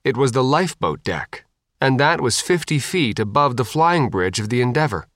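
A man's voice: medium pitch, big pitch swings, normal speed, a bit bright, no echo, clean studio sound. A man reading an audiobook aloud, with dramatic pacing and voices for every character. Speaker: audiobook narrator. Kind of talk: scripted audiobook narration.

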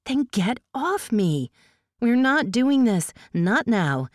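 A woman's voice: fairly high pitch, sing-song, takes it slowly, no echo, clean studio sound, voice pushed up. A woman reading an audiobook voices a fierce, defiant young female elf who protests sharply and firmly. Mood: firm, angry.

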